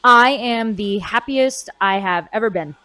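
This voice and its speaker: A woman's voice: medium pitch, measured pace, pushed and bright, rough recording. A woman in her twenties, a voice actor chatting expressively in a convention interview, with fillers and restarts. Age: 20s. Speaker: voice actor guest.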